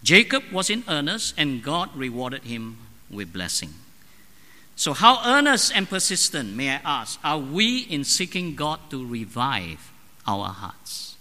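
Slow, bright-voiced preacher man in an echoing hall. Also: mid-range voice, big pitch swings. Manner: emphatic, deliberate preaching with questions to the congregation. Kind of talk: sermon.

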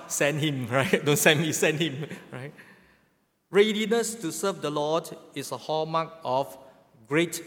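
A middle-aged man preaching a sermon as a pastor, asking rhetorical questions and adding a chuckling "right?". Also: on the high side. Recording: long hall reverb.

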